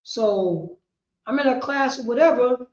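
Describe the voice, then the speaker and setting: A woman's voice: a little high, measured pace. Emphatic New woman lecturing. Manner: emphatic, repetitive, rising to shouts. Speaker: teacher of a history class. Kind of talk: street-preaching lecture. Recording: roomy, dull lo-fi sound.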